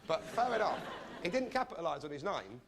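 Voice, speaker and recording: Male comic host, sardonic and deadpan, lively high-ish voice; loud noisy recording. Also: brisk, crowd noise. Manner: sardonic, deadpan delivery with mock rudeness. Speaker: comedy show host. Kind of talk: stand-up comedy monologue.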